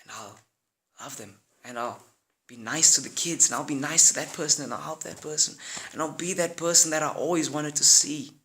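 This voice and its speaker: Guy doing eager young village dude, excitable, bright gravelly voice. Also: fairly high pitch, fairly quick. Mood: hopeful.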